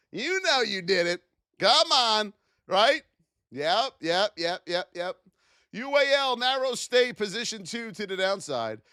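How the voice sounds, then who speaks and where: A man streams live market commentary, reading out price levels in an energetic, playful way and teasing his viewers. His voice sits fairly high and rises and falls a lot. The sound is dry and close. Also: dry recording. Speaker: trading educator streaming live.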